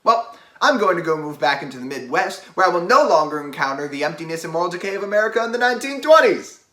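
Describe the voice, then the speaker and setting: A man's voice: fairly high pitch, expressive, moderate pace, bright, forceful tone. A man voicing an awkward, hesitant young man in a student comedy play, stammering often.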